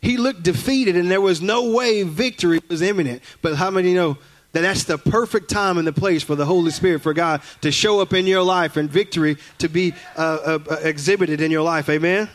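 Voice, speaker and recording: A man's voice: high-pitched, fairly quick. A man preaching a sermon as a guest speaker in a church, telling folksy stories and acting out family voices.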